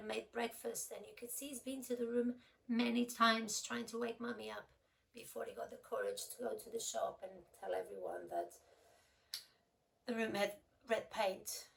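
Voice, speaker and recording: A woman's voice: mid-range voice, gravelly, recorded from a distance, poor audio. A woman casually telling a true crime story in a chatty, emotional way, retelling what people said.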